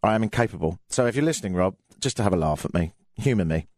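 Lively sardonic English radio host. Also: male voice, sits low, fast, dry recording, clean studio sound. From England. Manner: chatty and sardonic, with frequent fillers and jokey asides. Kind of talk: casual comedic radio monologue.

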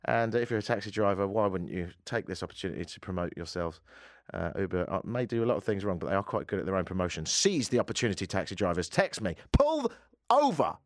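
A man's voice: low voice, fast talker, hardly any pauses, dry recording, studio quality. A man hosting a casual radio talk show, joking and slipping into silly voices for bits. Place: radio studio.

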